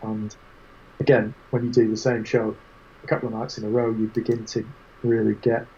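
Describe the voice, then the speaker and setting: A man as an interview guest, telling lively anecdotes with quoted voices in casual chat. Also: fairly low pitch, moderate pace, dull audio. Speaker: guest photographer.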